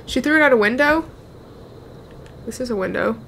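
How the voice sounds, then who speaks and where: A woman's voice: fairly high pitch, animated, normal speed, vocal fry, a bit bright, a little hiss or hum. A young woman chatting and reacting as she plays a horror game. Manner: chatty, jumpy, talks to the game. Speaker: gaming YouTuber. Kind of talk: let's play commentary.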